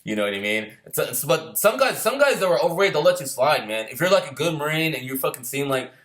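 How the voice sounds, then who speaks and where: A man telling a casual anecdote about boot camp, profane and laughing often, who acts out yelling drill instructors. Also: a little high, very animated, fast. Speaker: storyteller recalling boot camp.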